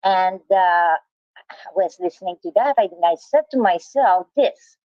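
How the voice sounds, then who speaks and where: A woman's voice: mid-range voice, animated, no echo. Woman ranting angrily on a muffled clip. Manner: angry, halting, restarts and insults. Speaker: livestreamer. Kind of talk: heated ranting monologue.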